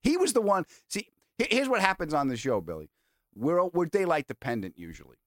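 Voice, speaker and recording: A male podcast host spins a rambling story and swears freely. His pitch swings up and down as he talks. The recording is close and dry. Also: no room sound. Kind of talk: casual storytelling chat.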